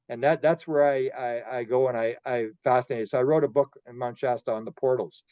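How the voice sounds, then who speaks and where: Canadian guy telling stories on a podcast, stumbles and repeats himself, mellow voice, bit muffled. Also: mid-range voice, steady tone, fairly quick, few pauses, smooth, no echo. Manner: rambling, repeats words, acts out quoted dialogue. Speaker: podcast guest, UFO researcher. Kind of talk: storytelling interview.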